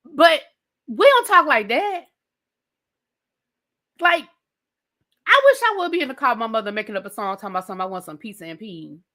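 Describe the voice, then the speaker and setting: A woman rants about a show in loose, casual talk. Her voice is bright and a little high, and she is blunt and sassy. She curses freely as she goes. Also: very animated, a little fast, long pauses. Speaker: TV show reviewer. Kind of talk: casual ranting commentary.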